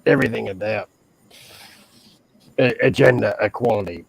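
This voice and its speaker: A man's voice: medium pitch, big pitch swings, a little fast, gravelly, pauses often, darkish tone, no room sound, rough recording. A man with an Australian accent chatting casually on a stream, telling stories in a blunt, profane way. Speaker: stream host. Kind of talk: casual chat.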